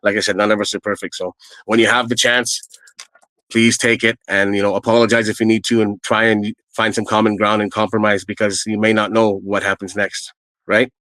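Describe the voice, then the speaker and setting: A man's voice: on the low side, little pitch movement, a little fast, sharp tone, no echo, rough recording. A middle-aged man telling his own stories in a casual, earnest, rambling way, with plenty of fillers. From Canada. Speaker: storyteller guest. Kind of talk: casual first-person storytelling.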